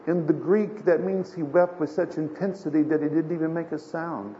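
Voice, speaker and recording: A man's voice: a little high, normal speed, dark tone. An older man preaching a sermon as a pastor, folksy and storytelling, with emphatic swells. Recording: dull lo-fi sermon recording with faint hiss.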